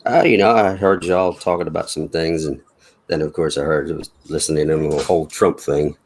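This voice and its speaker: Very deep-voiced, husky man. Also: fairly even intonation, brisk. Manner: rambling, folksy, chuckles between remarks. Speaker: chat participant. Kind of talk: casual chat.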